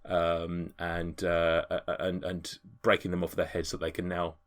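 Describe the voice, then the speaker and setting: A man's voice: sits low, completely flat delivery, unhurried. A man narrating a tabletop game as game master, rambling and hesitant with many ums.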